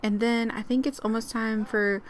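A young woman giving chatty, excitable let's-play commentary with frequent giggles. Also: a little high, moderate pace, a little hiss or hum. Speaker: gaming channel host.

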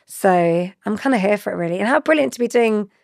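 A chatty woman in her forties with a gravelly, fry-tinged voice. She talks animatedly and laughs easily. She is recorded close on a dry studio mic. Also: medium pitch, lively intonation, a little fast, darkish tone, no room sound. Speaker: guest. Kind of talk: conversational interview.

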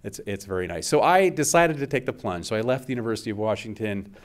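A middle-aged man speaks as an invited scientist at a seminar, his voice sitting on the low side. He keeps it conversational and loose, with plenty of uh and um fillers between phrases. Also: lively intonation, fast talker.

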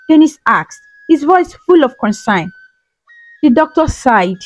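A woman's voice: high voice, very animated, measured pace, no room sound, low-quality recording. A woman narrating a folktale as a storyteller, dramatic and emotive. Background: faint music.

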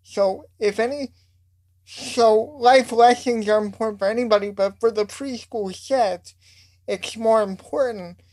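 A woman's voice: on the high side, measured pace, darkish tone. A woman interviewing guests, asking thoughtful questions with many fillers.

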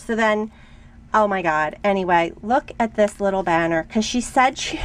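A young woman chatting casually as she shows off a craft haul at home, rambling and gushing with excitement. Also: medium pitch, normal speed. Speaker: craft vlogger. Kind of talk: casual show-and-tell haul.

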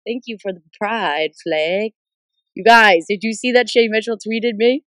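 A young woman in her twenties with a bit of a cold, chatting excitedly on a livestream and answering viewer comments. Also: mid-range voice, unhurried, no echo. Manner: bubbly, excitable, jumps between viewer shoutouts. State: stuffed up with a cold. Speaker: livestream host. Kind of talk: casual livestream chat reading comments. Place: in a car. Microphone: phone camera.

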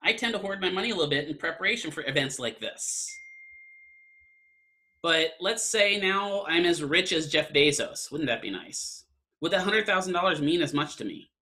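Man, lecturer, bright forceful voice, slightly high, chatty, keeps asking right. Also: animated, moderate pace. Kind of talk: online class lecture.

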